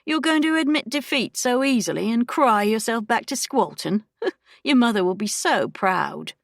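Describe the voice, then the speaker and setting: A woman's voice: on the high side, lively intonation, moderate pace, vocal fry, dry recording, studio quality, pitched above the performer's own voice. A woman doing a sneering, haughty society lady. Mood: mocking. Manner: sneering, mocking.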